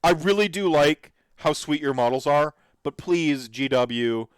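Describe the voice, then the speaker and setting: A man's voice: on the high side, a little slow, smooth, no echo. A man hosting a podcast, reacting to videos in an enthusiastic, rambling way with lots of fillers. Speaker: podcast host. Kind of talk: casual commentary reacting to videos.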